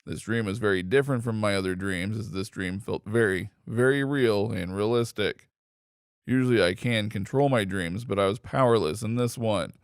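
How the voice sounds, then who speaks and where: A man reading online posts aloud in steady, scripted narration. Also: lowish voice, dry recording, clean studio sound. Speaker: story reader.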